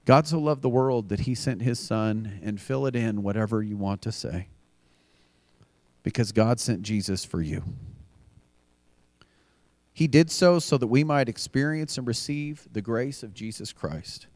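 A man's voice: medium pitch, unhurried, long pauses, a little mellow, dry recording. A man preaching a sermon as pastor, earnest and building to emphatic repeated refrains. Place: church.

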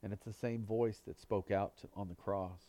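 A male pastor preaching a sermon in an earnest manner, pushing his voice up for emphasis and dropping it low on quoted words. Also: steady tone, normal speed, mellow.

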